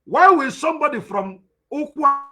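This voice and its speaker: A man's voice: very high voice, expressive, moderate pace, sharp tone, faint music behind. A Nigerian man with an Igbo accent, a native Igbo speaker, teaching in a spoken lecture, emphatic and repeating his points with rhetorical questions.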